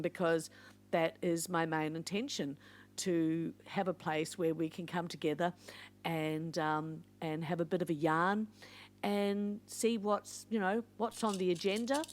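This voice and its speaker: An older woman talks through a casual podcast monologue. Her voice sits a little low. She is warm in an encouraging way and wanders into playful asides. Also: fairly even intonation, unhurried. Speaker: podcast host.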